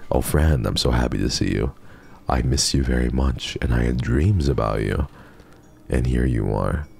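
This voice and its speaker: A man reading the lines of a weary, loyal talking cat in a horror game, in his own gentle voice. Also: rumbling low, normal speed, creaky, husky, full character voice. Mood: tender.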